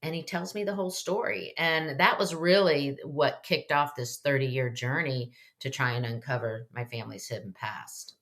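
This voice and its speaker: A woman's voice: extremely low pitch, moderate pace, hardly any pauses, fairly bright tone. A woman in her fifties, an author being interviewed, who tells her story in an earnest, chatty way full of "um" and "you know". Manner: earnest, chatty, many fillers and hesitations. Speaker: author and guest.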